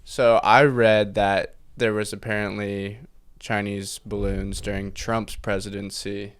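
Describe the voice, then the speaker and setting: A man co-hosting a podcast in casual chat, measured and reasoned. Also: lowish voice, level tone, clear, resonant tone. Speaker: podcast co-host.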